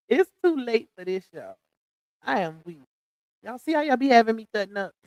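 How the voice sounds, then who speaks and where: Middle-aged woman, livestream host, sassy and quick to laugh, fairly high voice, dry close sound. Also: dark tone, no echo, poor audio. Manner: sassy, laughs often, drawls slang. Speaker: livestream host reading chat comments. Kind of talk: casual live-stream gossip chat.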